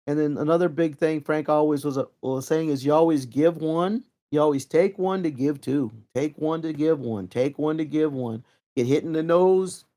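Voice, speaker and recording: Rambling middle-aged man telling stories. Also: a little high. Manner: rambling, lively anecdotes with many fillers. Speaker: interview guest, Kempo practitioner. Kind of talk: casual storytelling.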